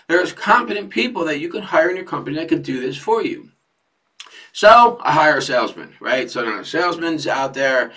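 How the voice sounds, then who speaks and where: A man who owns a fence company gives an energetic business talk, asking "right?" after his points. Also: mid-range voice, distant mic. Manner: energetic, repeats "right?" often.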